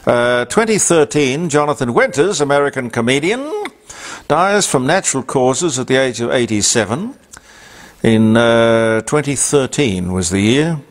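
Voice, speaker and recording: An older Australian man, a radio talk host, speaks with a medium-pitched, sing-song voice at a slightly slow pace. In a casual on-this-day segment of his talk show, he reads out items padded with rambling asides and fillers.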